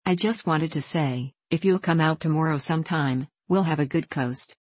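A woman's voice: deep voice, normal speed, darkish tone, no echo. A woman reading the part of a blunt, good-hearted teenage boy in a storybook. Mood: bluff. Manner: bluff, gruff.

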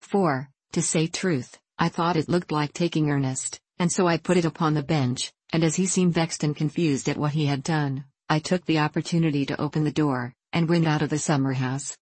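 A woman narrating a classic novel as an audiobook, in a measured, earnest reading. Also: low-pitched, steady tone, darkish tone, husky, dry recording.

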